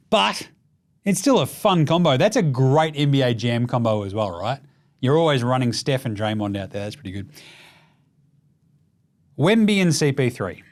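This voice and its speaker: Australian male host, slightly high voice, blunt and profane, casual sports rant. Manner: gets loud and high when ranting. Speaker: basketball show host.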